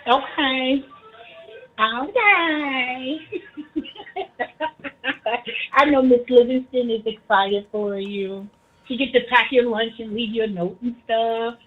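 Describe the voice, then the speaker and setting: Brief: high-pitched, husky woman, animated teasing banter, dull lo-fi sound. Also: unhurried, pauses often. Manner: animated, teasing, laughs often. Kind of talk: casual teasing chat.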